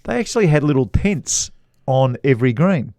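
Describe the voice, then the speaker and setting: A man's voice: medium pitch, very animated, moderate pace, darkish tone, dry recording. A middle-aged man with an Australian accent, a podcast co-host and golf commentator telling a long rambling anecdote with frequent chuckles. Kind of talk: casual storytelling chat.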